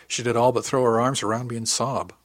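A man narrating a first-person audiobook in an even, wry storytelling manner. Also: medium pitch, fast talker, dry recording.

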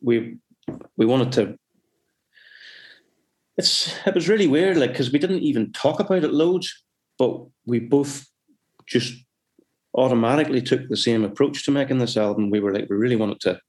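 A man's voice: medium pitch, normal speed, long pauses, darkish tone. A man from Northern Ireland with a Northern Irish accent, a musician telling stories in a casual, rambling way with many restarts. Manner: rambling, with frequent restarts and self-corrections. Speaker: musician guest. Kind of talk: casual anecdotal chat.

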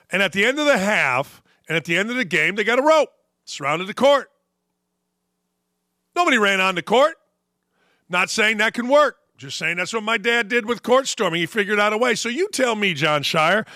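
A man hosting a sports talk show, ranting with sarcasm and animated swings. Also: sits high, no echo, clean studio sound.

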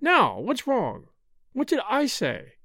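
A man's voice: high-pitched, animated, normal speed, a little mellow, no room sound, studio quality. A man voicing a fussy, easily bewildered wife. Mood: sweet, bewildered.

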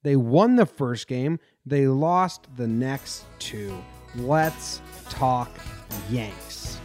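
A man's voice: mid-range voice, lively intonation, very slow, darkish tone, faint music behind. A man from New Jersey hosting a casual sports podcast, rambling and venting his frustration. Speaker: podcast host.

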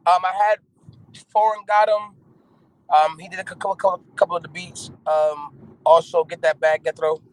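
A man from North Carolina, talking excitedly and gratefully as a guest while calling in from a moving car. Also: sits high, normal speed, rough recording. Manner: grateful, excitable, laughing often. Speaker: rapper, guest. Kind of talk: casual interview.

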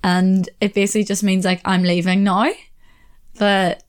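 A woman's voice: medium pitch, flat delivery, normal speed, clean tone. A young Irish woman talks through her own podcast in a loose, chatty way. She laughs easily and scatters fillers through her sentences, with a voice sitting right in the middle of the usual range. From Ireland. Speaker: podcast host. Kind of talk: casual solo podcast chat.

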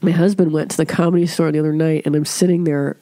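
A woman's voice: low-pitched, steady tone, fast talker, warm tone, no room sound, studio quality. Congested, chatty, swearing woman host. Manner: chatty, swears freely, puts on voices when quoting others. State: congested from a cold. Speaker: podcast host. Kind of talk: casual chat.

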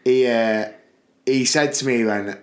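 A man's voice: medium pitch, unhurried. A man from England co-hosting a podcast in casual chat, telling stories with plenty of laughter and putting on voices when he quotes people. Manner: chatty storyteller, laughs often, puts on voices for quotes. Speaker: podcast co-host.

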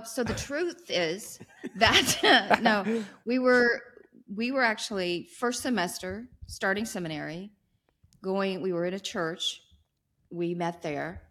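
A woman's voice: mid-range voice, takes it slowly, a bit bright. A woman in her sixties from North Carolina, a guest in an interview, self-deprecating and laughing as she talks. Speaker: guest, pastor's wife. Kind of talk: casual interview talk.

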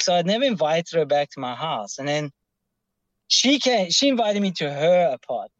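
A man's voice: fairly high pitch, big pitch swings, normal speed, fairly bright tone, no room sound. A young man calling in, telling a long story in a rambling way with heavy swearing and many restarts. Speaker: caller. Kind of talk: casual storytelling.

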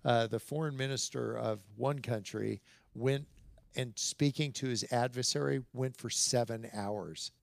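Brief: middle-aged man, animated storyteller with a gravelly edge, dry close mic. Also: medium pitch, unhurried, dry recording. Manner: animated storyteller, acts out quoted dialogue, chuckles between lines. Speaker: podcast guest. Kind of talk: storytelling in casual conversation.

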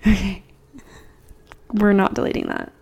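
A woman's voice: mid-range voice, little pitch movement, measured pace, darkish tone, breathy edge. A young woman co-hosting a podcast, telling a story in casual chat, rambling and swearing freely. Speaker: podcast co-host.

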